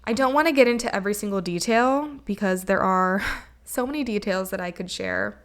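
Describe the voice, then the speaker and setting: A woman's voice: mid-range voice, fairly quick. A young woman hosting her own podcast, talking in a casual, earnest and reflective way, often slipping into encouraging advice and filling with "like" and "you know.". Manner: earnest, reflective, motivational, with many likes and you knows. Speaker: podcast host. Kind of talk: casual solo podcast monologue.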